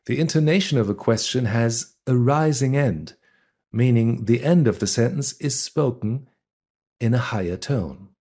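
A man teaching a beginner language lesson, reading example words and sentences one at a time in a deliberate, scripted way. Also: mid-range voice, mellow, husky.

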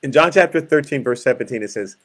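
A pastor leading a Bible study, explaining verses in plain words and acting out scenes with growls and groans. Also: male voice, medium pitch, expressive, quick pace, a bit bright.

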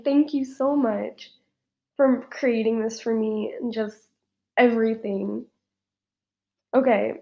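Slow-talking emphatic young-sounding woman vlogger. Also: fairly high pitch, gravelly, warm tone. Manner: emphatic, repeats herself, laughs between words. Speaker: fan fiction writer and vlogger. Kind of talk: casual unboxing vlog.

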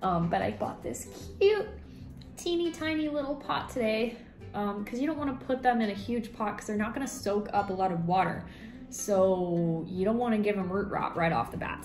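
A woman's voice: mid-range voice, darkish tone. Chatty woman vlogging in an echoey room. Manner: chatty, enthusiastic, lots of fillers. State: breathing heavily. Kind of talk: casual how-to vlog. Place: home office room. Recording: echoey room, faint music.

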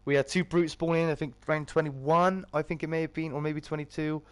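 A man hosting a live game stream, greeting viewers by name in a loud, excitable way with sudden jumps in pitch. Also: brisk, smooth, dry recording. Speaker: gaming streamer.

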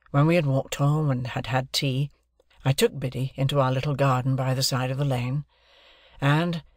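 A man narrating an audiobook of a classic novel in a measured, even reading voice. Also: medium pitch, no room sound, studio quality.

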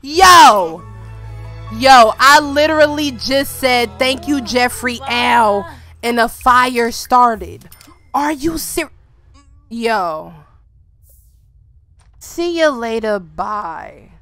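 A woman giving casual, joking gameplay commentary, animated and laughing often. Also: fairly high pitch, drawn-out words, pauses often, faint music behind. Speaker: gaming YouTuber.

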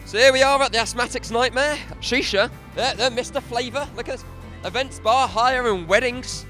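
A man's voice: extremely high pitch, pushed and bright, soft background music. A young man presenting for student TV, upbeat and joking as he interviews people at an outdoor festival. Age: young adult. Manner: upbeat, joking, quick banter. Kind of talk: roving interviewer.

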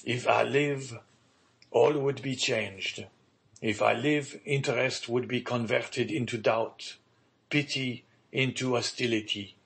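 Man reading aging ruined father, solemn, resigned, slow measured delivery, audiobook. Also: mid-range voice, fairly even intonation, gravelly, a bit bright. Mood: grave. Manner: slow, grave, measured pleading.

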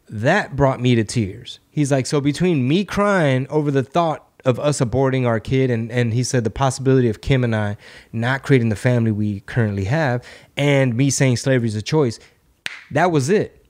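Podcast host, male, mid-pitched, loose storyteller who leans on quotes. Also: moderate pace, darkish tone. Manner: retells stories with many "he's like" quotes. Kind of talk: casual chat.

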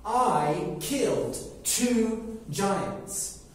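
A man voicing a boastful, defiant little tailor, declaiming loudly and slowly in a very echoey room. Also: sits high, lively intonation, voice pushed up. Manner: loud and emphatic, declaiming slowly. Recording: very echoey room, mic far off, faint background noise.

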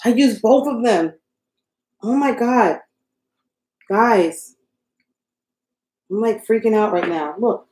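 A woman's voice: fairly high pitch, slow pace, pauses often, a little mellow. A young woman hosting a casual live stream, flustered and joking at her own expense as she crafts and talks to viewers in her home craft room. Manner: joking, self-mocking. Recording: roomy echo.

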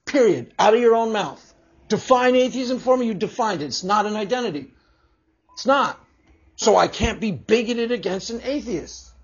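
Man, high husky voice, swearing rant, laughing and mocking, dull lo-fi sound. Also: lively intonation, normal speed. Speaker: vlogger. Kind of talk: profane opinion rant. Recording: dull lo-fi recording.

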